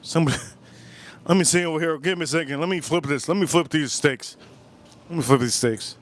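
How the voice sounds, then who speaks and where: A man's voice: fairly high pitch, fairly quick. Rambling man hosting a cooking stream. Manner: rambling, repeats himself, talks to a chat viewer. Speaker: live stream cooking host. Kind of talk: casual live stream chat.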